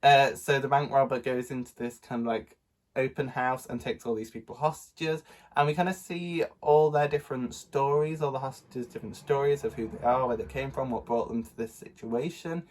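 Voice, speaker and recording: A book vlogger with a nasal, stuffy voice from a cold chats casually about books he bought in a book haul vlog, rambling with lots of ums and little laughs. His voice is medium-pitched with a steady tone and a moderate pace.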